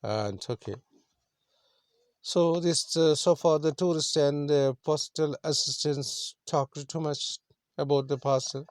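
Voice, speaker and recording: A teacher explaining a lesson slowly. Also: male voice, fairly high pitch, dry recording. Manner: explains words simply, repeats, many fillers. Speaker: English teacher. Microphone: screen recording.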